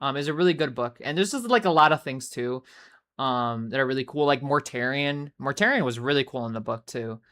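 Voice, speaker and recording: A woman's voice: extremely low pitch, a little fast, fairly bright tone. A woman streaming live, chatting casually in a rambling, filler-heavy, profane way while greeting viewers. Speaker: livestreamer. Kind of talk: casual chat.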